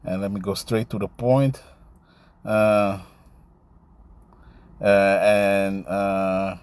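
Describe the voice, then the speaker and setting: A man preaching and reading scripture aloud in a loose, halting way, tagging his lines with "man" and "you see". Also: on the low side, flat delivery, a little mellow, clean tone. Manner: halting, with many fillers and restarts while finding verses. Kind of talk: casual scripture teaching, reading verses aloud.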